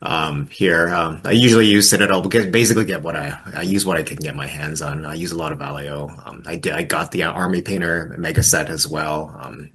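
Low, husky, wry man. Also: fairly even intonation, fairly quick, hardly any pauses, a bit bright. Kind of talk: casual chat.

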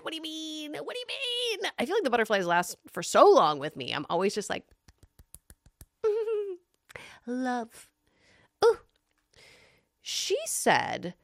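A young woman doing casual live-stream commentary, reading online stories aloud and reacting with animated, expressive disbelief and quick laughs. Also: on the high side, no echo, studio quality.

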